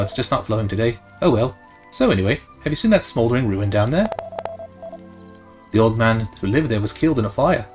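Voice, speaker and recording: A man's voice: medium pitch, lively intonation, fairly quick. A man casually commentating a video game, jokey and often laughing at it. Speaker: let's play host. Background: faint game music.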